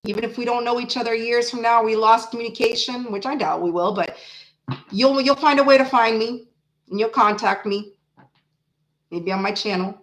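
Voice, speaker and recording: A woman in her forties hosting a casual tarot livestream, chatting with viewers in an animated, blunt way, swearing freely and laughing often. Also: on the high side, moderate pace, poor audio. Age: 40s. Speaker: tarot reader host.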